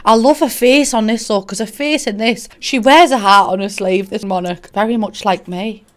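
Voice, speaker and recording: A woman's voice: mid-range voice, moderate pace. Young woman, Teesside accent, casual gaming commentary, cheeky and sweary, chats straight to viewers. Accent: Teesside English. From Middlesbrough, England. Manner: chatty, cheeky, swears freely, talks to viewers. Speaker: gaming YouTuber. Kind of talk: casual let's-play commentary.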